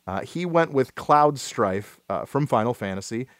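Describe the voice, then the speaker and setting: A man's voice: mid-range voice, expressive, dry recording, studio quality. Rambling, hesitant man chatting on a podcast. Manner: rambling, halting, lots of restarts and fillers. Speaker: podcast host. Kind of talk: casual gaming podcast chat.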